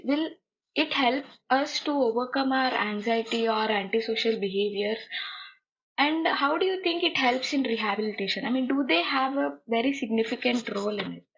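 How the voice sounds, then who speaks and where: A woman's voice: sits high, slight background noise. A woman, a student, politely putting a question to a guest speaker. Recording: muffled lo-fi audio.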